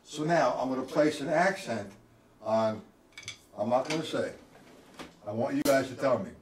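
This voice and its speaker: A man's voice: medium pitch, normal speed. A man teaching a live-streamed drum lesson, counting beats aloud and quizzing his viewers by name. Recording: roomy, from a distance.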